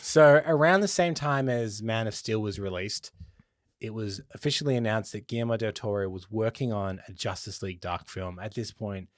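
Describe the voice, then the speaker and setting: Male podcast host, relaxed and explanatory, dry close-miked sound. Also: fairly low pitch, moderate pace, no room sound. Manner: explanatory, easygoing, laughs along. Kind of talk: casual chat.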